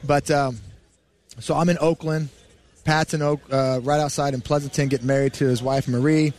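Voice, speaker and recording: A man's voice: on the high side, fairly even intonation, moderate pace, a little mellow. A man in his forties, a former pro football player, telling rambling stories as a radio show guest. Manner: rambling anecdotes full of fillers. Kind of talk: storytelling interview on radio. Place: radio studio.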